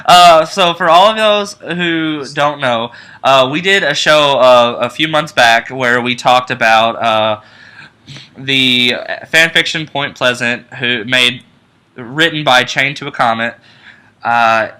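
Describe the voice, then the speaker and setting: A young man co-hosting a casual fan podcast, rambling excitedly with lots of restarts and fillers. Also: medium pitch, slow, clean tone, poor audio. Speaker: co-host.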